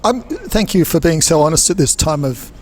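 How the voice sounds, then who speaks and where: A man's voice: fairly high pitch, very animated, moderate pace, a little hiss or hum. A man hosting a playful mock interrogation of cast members, teasing and theatrical.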